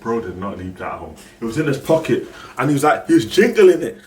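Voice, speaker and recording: A young man, a streamer casually telling a story, acting out other people's lines and breaking into shouts. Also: medium pitch, big pitch swings, fast talker. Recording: roomy echo, voice far from the mic, faint background noise.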